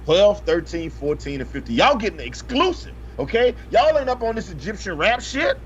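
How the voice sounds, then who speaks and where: Lively man reading news. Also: high voice, normal speed. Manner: animated, profane, joking asides while reading. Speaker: podcast co-host. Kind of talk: casual chat, reading news aloud. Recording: slightly dull, faintly noisy podcast audio.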